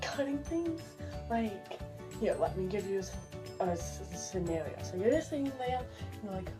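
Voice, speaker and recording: A young woman ranting casually about everyday pet peeves as a vlogger, exasperated and filling her talk with "like.". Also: fairly high pitch. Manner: chatty, exasperated, heavy use of "like". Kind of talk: casual list rant.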